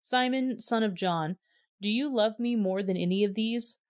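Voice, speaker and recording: A woman voicing a calm, gentle male teacher speaking to his followers, in a steady, earnest reading voice. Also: medium pitch, moderate pace, no echo, clean studio sound, close to an everyday voice.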